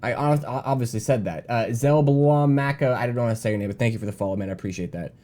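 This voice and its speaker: A man's voice: medium pitch, rapid-fire, warm tone. A young man live-streaming, talking defensively in a rambling way and reading viewer chat aloud between his points. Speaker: game streamer.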